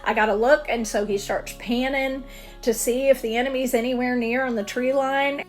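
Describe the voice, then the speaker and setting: A woman's voice: high-pitched, fairly even intonation, normal speed, soft background music. A woman singer-songwriter giving a personal testimony in an earnest, vivid storytelling manner.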